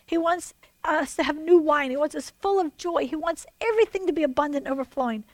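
A woman with a high voice preaches a sermon. She is animated and swings between loud declarations and hushed asides, and voices God and others in quotes. The sound is close and dry, with no room echo. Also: a little fast.

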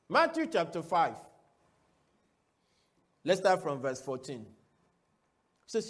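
A man preaching a sermon to his church, asking rhetorical questions and calling for answers, moving between loud declarations and quiet asides. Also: a little high, very animated, slow pace, long pauses.

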